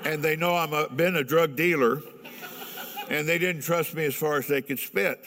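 A man's voice: fairly high pitch, moderate pace, a bit bright. An older man from Ohio telling his personal testimony in a candid, earnest way, chuckling now and then. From Ohio, USA. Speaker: speaker giving a personal testimony. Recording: long hall reverb.

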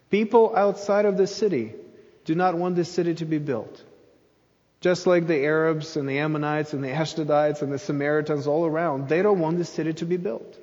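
A man's voice: on the high side, a little mellow, big-room sound, muffled recording. A man preaching a sermon in an earnest voice, pressing hard on his key phrases. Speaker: pastor.

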